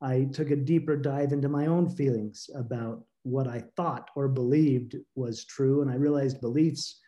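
In an interview, a man who is a guest author tells a story from his own life with earnest reflection. His mid-range voice is steady and dark, and he halts often, repeating words while feeling for the right ones as emotion rises.

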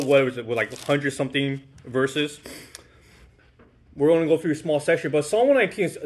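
A man preaching a sermon to his congregation in a conversational way, often checking in with "right?". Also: on the high side. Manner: informal, with fillers and restarts. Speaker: pastor.

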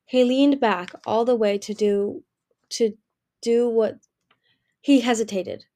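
A woman's voice: on the high side, slow. Woman reading a fantasy novel aloud. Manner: steady storytelling with occasional restarts. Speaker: narrator.

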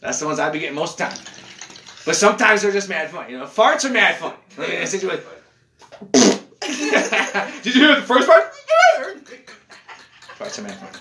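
A man hosting a casual podcast from his couch, ranting in a profane, animated way. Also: high voice, normal speed, long pauses, a little hiss or hum. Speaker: podcast host. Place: living room at home, on a couch. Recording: echoey room.

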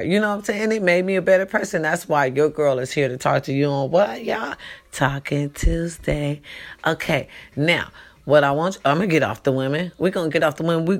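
A woman hosting her own talk show, speaking casually and animatedly to her listeners, swearing freely and calling them y'all and baby. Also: deep voice. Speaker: podcast host.

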